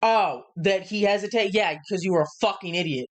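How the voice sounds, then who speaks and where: Man ranting loudly on a stream. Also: high voice, a little fast. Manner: loud, animated ranting. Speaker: co-host of a wrestling review stream. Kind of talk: casual chat. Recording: live stream.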